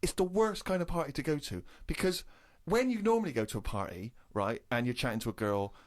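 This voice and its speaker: An English man in his thirties on a casual comedy podcast, telling an indignant anecdote with animated storytelling. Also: a little high, fairly quick. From England.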